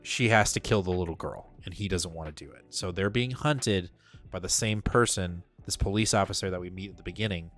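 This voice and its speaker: Excitable man chatting about comics. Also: deep voice, a little fast, soft background music. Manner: excitable, swears casually, filler-heavy. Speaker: podcast co-host. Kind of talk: casual comic book review chat.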